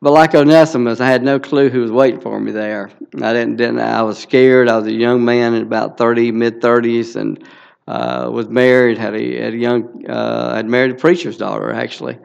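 Gravelly older Southern man. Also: medium pitch, fairly even intonation, normal speed, muffled recording. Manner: folksy storyteller, many fillers. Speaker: guest speaker. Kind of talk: church testimony.

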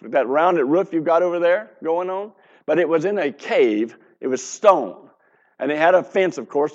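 Older guy preaching, high voice, earnest and chatty, asks the folks questions, muffled lo-fi sound. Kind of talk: sermon.

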